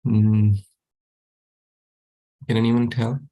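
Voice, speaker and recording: A man's voice: medium pitch, monotone, extremely slow, dark tone, muffled recording. A man teaching a youth class over a video call, encouraging students and repeating his questions.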